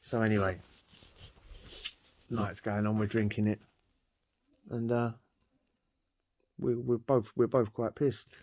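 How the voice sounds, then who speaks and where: A man's voice: fairly low pitch, little pitch movement, slow, pauses often, darkish tone. A man telling a rambling personal story in casual slang, laughing often. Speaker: podcast guest telling a prison story.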